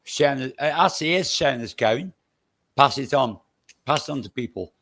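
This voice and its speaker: A man's voice: medium pitch, lively intonation, brisk, fairly bright tone. A man with a Stoke-on-Trent accent mixed with Irish touches, a guest chatting casually on a live stream, blunt and swearing freely. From England.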